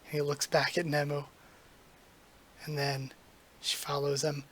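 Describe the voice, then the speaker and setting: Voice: mid-range voice, monotone, measured pace, pauses often, fairly bright tone. A youtuber reading a manga aloud with reactions and amused, chuckling asides.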